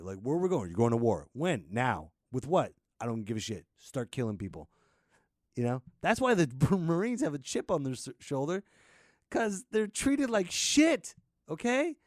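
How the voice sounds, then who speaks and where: A man's voice: medium pitch, darkish tone, dry recording, clean studio sound. A man in his thirties hosting a podcast, telling a rambling, profane story and laughing often. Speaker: podcast host. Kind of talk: casual storytelling monologue.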